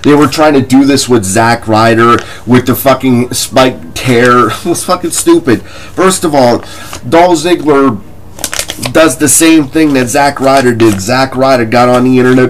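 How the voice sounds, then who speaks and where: A man's voice: mid-range voice, a little slow, slight background noise, poor audio. A man ranting in a wrestling commentary vlog, profane, combative and mocking, with scoffing laughs between points.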